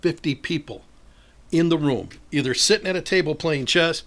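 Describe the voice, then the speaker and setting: A man's voice: fairly high pitch, normal speed. An older man from northern Illinois, a chess club organizer telling stories in a casual interview and acting out the voices of the people in them. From northern Illinois, USA. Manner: animated storyteller acting out quoted voices, laughs often.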